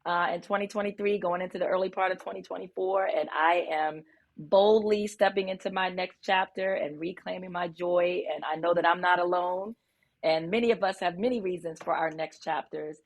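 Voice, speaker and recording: Lower-voiced woman guest, earnest. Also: fairly even intonation, moderate pace. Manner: warm, earnest, many ums. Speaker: guest, physician. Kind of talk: interview.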